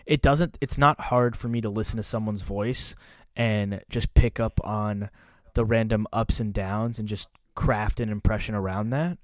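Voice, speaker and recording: A man's voice: fairly low pitch, steady tone, normal speed, no room sound, studio quality. A man talking loosely and candidly as a podcast guest, swearing now and then. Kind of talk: casual podcast chat.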